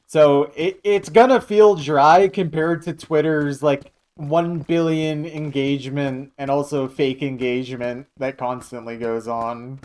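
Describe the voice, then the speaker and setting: Guy rambling on a live stream, kinda high voice, jokey and loose. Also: steady tone, a little slow, hardly any pauses, darkish tone, clean tone. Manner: rambling, jokey, reacting to chat. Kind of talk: casual live-stream chat.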